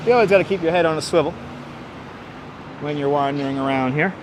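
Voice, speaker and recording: A man's voice: on the high side, fast. Chatty man guiding a street livestream. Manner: chatty, answers viewers by name, gives street history. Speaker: livestream host and city walking guide. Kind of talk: casual walking tour livestream. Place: outdoors on busy city streets. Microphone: wireless clip-on mic. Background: faint street traffic.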